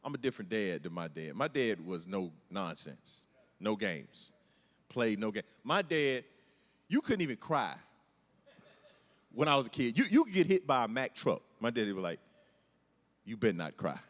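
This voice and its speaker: A man's voice: lowish voice, moderate pace. Guy doing stand-up, self-deprecating stories, voice swoops around, big echoey hall. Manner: storytelling, animated, self-deprecating. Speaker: stand-up comedian. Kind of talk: stand-up comedy set. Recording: hall reverb from a large venue.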